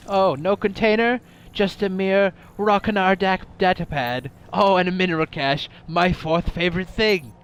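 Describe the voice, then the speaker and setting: Speaking at a moderate pace with a steady tone, this game streamer's voice sits high and sounds clean. He offers casual let's-play commentary, full of playful jokes, frequent laughs and mock-dramatic asides.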